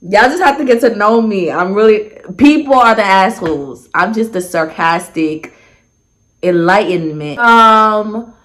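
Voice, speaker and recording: A young woman telling a messy story to her viewers in a casual storytime voice. She is blunt and sarcastic and swears without a filter. Her voice sits at a middling pitch and she pushes it up sharply when she wants to make a point. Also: measured pace. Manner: animated, jumps pitch for emphasis. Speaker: storyteller vlogger.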